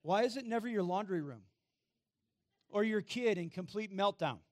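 A man preaching a sermon in a church, chatting with the congregation and asking them questions, getting louder for emphasis and going quiet and low to read scripture. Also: lively intonation, normal speed, dry recording, clean studio sound. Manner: conversational, self-deprecating, asks the congregation questions. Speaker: pastor. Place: church sanctuary.

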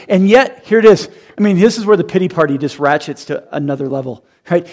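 A man's voice: fairly high pitch, animated, fast, hardly any pauses, a little mellow. A man in his thirties preaching a sermon, who acts out quoted voices and laughs at his own jokes. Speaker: pastor.

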